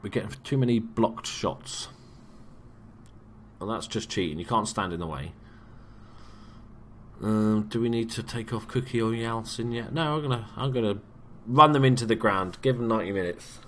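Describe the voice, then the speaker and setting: A man's voice: fairly low pitch, normal speed, slight background noise. A young man from England giving casual, sweary, jokey let's-play commentary as a gaming YouTuber.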